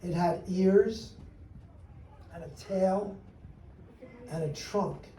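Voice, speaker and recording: A man's voice: high voice, drawn-out words, warm tone. A man telling a rhyming story to children and leading a sing-along, with a playful, teasing way of coaxing them to join in. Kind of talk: rhyming read-aloud and sing-along with kids. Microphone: distant mic. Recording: echoey room, distant mic, background noise.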